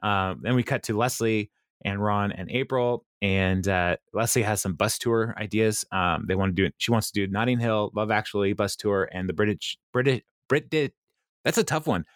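A man's voice: lowish voice, steady tone, moderate pace, dry recording, studio quality. A man hosting a podcast, casually recapping a TV episode with lots of fillers and laughter. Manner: rambling, many fillers, laughs at own retelling. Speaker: podcast host recapping a TV show. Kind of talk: casual chat.

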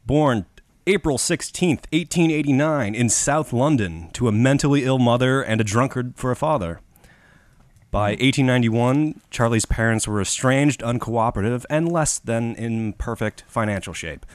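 Speaking at normal speed in a medium pitch, this Chicago-accented podcaster reads a history tale off his notes and keeps it casual, crude and full of laughter. There's no room sound in the audio.

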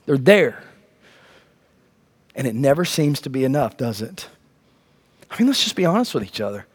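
A man in his thirties preaching a sermon as pastor, firing rhetorical questions and dropping to low, emphatic lines. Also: big pitch swings, moderate pace, breathy edge.

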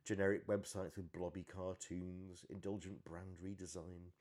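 A man's voice: sits low, little pitch movement, moderate pace, darkish tone. A man co-hosting a podcast, chatting casually with plenty of fillers and easy laughter. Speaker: podcast co-host. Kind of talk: casual design chat.

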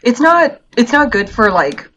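A woman's voice: a little high, very animated, measured pace, fairly bright tone. A woman co-hosting a podcast, bluntly complaining in casual chat with many hesitant fillers. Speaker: podcast co-host.

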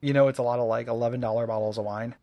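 A man's voice: mid-range voice, fairly even intonation, very fast, dry recording, highs cut off. A man co-hosting a podcast in casual chat, rambling and self-mocking. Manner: rambling, self-mocking, many fillers and restarts. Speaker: podcast co-host.

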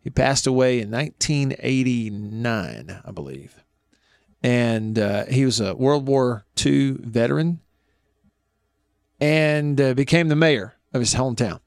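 A man's voice: medium pitch, a little slow, gravelly, smooth, no room sound, studio quality. A man in his thirties hosting a radio talk show, telling folksy family stories and laughing often.

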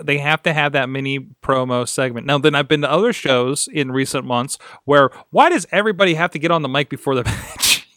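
A man co-hosting a podcast in casual chat, animated and laughing often. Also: on the high side, clean tone, no echo, studio quality. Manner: reads headlines in an old-timey announcer voice. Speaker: podcast co-host.

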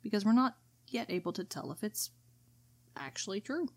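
A woman's voice: mid-range voice, big pitch swings, moderate pace, slightly rough, dry recording. A woman co-hosting a book discussion podcast, reading passages aloud and explaining them in casual chat. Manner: reads quotes aloud then explains them plainly. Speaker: podcast co-host.

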